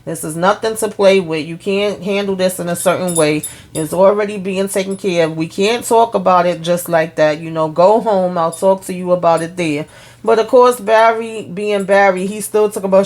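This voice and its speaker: A woman's voice: medium pitch, a little fast. Chatty woman recapping a TV drama. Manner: animated retelling of scenes with quoted lines, blunt and profane. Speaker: TV show recap host. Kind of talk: casual recap vlog.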